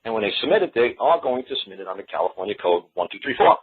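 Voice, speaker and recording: A man's voice: fairly low pitch, sing-song, racing, husky. A man hosting a talk show, explaining things in a blunt, folksy, rambling way. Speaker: show host. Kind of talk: call-in talk monologue. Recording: tinny phone-line sound.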